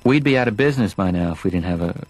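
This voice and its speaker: Cast: a low, deadpan cartoon video clerk, curt and unbothered. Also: male voice, racing, low-quality recording. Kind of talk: dry animated sitcom dialogue.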